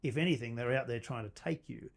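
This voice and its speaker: A man's voice: mid-range voice, quick pace, vocal fry. A middle-aged man, a company founder, telling a long personal story on a podcast, laughing and acting out the lines of the people in it. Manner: animated storyteller, laughs often, acts out quotes.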